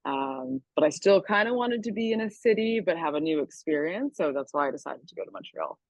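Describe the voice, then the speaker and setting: A woman's voice: medium pitch, lively intonation, fairly quick, vocal fry, no room sound, poor audio. A young woman from the Niagara region of Canada, a chef chatting casually with many likes and ums. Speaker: chef guest. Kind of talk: casual interview.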